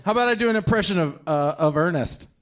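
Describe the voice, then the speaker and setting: A man's voice: high voice, lively intonation, quick pace. A man comedian guesting on a live comedy podcast, throwing in dry quips. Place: comedy club stage. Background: live audience laughter.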